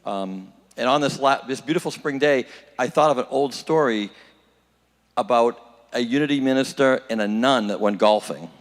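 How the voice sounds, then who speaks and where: A man making casual announcements at a church service. He speaks haltingly, with many fillers. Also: medium pitch, in a large hall. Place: church hall.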